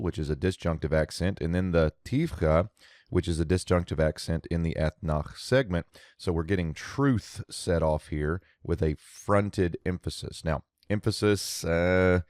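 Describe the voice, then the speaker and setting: A man's voice: sits low, a little mellow, no room sound, studio quality. A man giving a methodical verse-by-verse Biblical Hebrew grammar lesson, explaining as he goes and thinking aloud.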